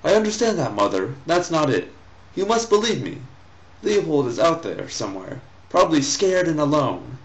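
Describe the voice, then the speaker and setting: A man's voice: a little high, sing-song, moderate pace, pitched above the performer's own voice, low-quality recording. A man doing an earnest, pleading young man.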